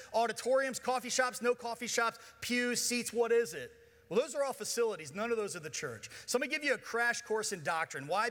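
Bright high-voiced man preaching in a hall. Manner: playful, joking with the congregation. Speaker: pastor. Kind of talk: sermon. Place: church auditorium. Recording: long church hall reverb.

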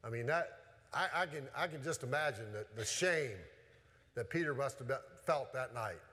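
A man's voice: medium pitch, lively intonation, moderate pace, sharp tone. A man preaching a sermon as a pastor, earnest, with many rhetorical questions and repeated restarts. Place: church sanctuary. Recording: church hall with long reverb.

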